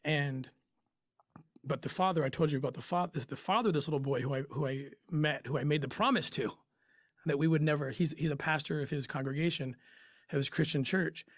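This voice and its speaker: A man in an interview, telling a personal story in an emotional, halting way with pauses and restarts. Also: fairly high pitch, steady tone, no room sound, clean studio sound. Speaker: interview guest, former undercover operative.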